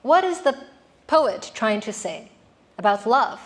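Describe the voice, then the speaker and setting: A woman's voice: fairly high pitch, very animated, slow pace. A woman giving a classroom lecture on poetry, explaining patiently and putting questions to her students.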